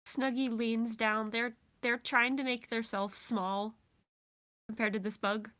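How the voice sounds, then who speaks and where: Slow-talking woman playing a tabletop game. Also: fairly high pitch, little pitch movement, fairly bright tone, dry recording. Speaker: player.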